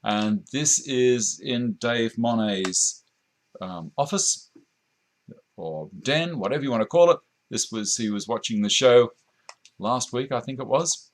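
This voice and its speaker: A man's voice: medium pitch, lively intonation, a little slow. An Australian man hosting a woodworking live stream, chatting casually, reading out viewer comments and chuckling often, recorded on a camera mic in a home workshop. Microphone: camera mic at a short distance.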